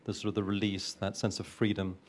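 A man's voice: on the low side, level tone, a little fast. A man, a film producer, answering interview questions earnestly, with frequent hesitations and restarts.

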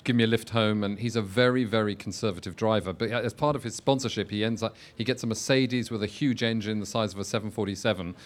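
A man's voice: fairly low pitch, fast talker, hardly any pauses. A man on a film panel telling a wry anecdote. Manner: storytelling, wry.

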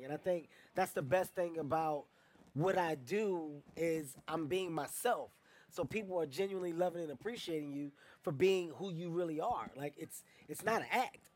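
A man from Philadelphia, a touring performer, telling stories with energy and frequent laughter in an interview. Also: a little high. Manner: animated storyteller, laughs easily.

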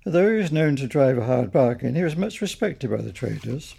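An older man reading his own children's story aloud in a gentle, unhurried storytelling manner. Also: medium pitch, very animated, gravelly, breathy edge.

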